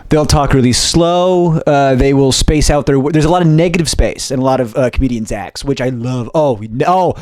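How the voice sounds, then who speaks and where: A young man, a stand-up comedian, riffing casually to camera in a fast, animated way with profane jokey asides. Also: mid-range voice, dry recording. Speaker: stand-up comedian and video host.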